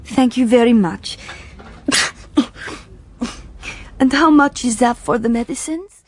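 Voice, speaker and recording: A woman's voice: a little high, slow. A polite young woman, ill abroad. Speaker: learner figure in a podcast drama.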